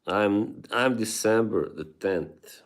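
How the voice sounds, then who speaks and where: A man's voice: fairly low pitch, takes it slowly. A man hosting a livestream, chatting casually with viewers and laughing often between remarks. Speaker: livestream host reading chat.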